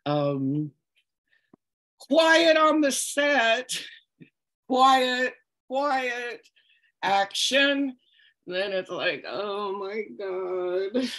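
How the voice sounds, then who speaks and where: A woman calligrapher telling an anecdote during a lecture, in a chatty, meandering way with frequent ums and laughs. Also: lowish voice.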